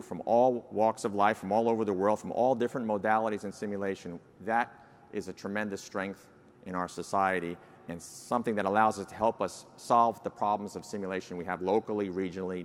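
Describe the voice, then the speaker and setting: An older man in his sixties with a New York accent speaks at a conference podium in a fairly low voice. His talk is folksy and self-deprecating, dotted with uh fillers. The sound carries a long reverb from a large hall. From New Jersey, United States. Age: 60s. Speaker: society president giving an address. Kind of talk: conference keynote speech.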